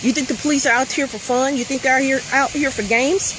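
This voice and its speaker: A woman's voice: high-pitched, fast. A woman, a mother, in an impassioned rant, blunt, profane and emphatic, talking inside a vehicle. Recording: steady vehicle noise behind.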